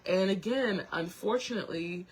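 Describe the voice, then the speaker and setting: A young woman hosting her own show, talking to viewers while close to tears, halting with many restarts and apologies. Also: medium pitch, slightly rough. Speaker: show host. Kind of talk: emotional personal talk to viewers.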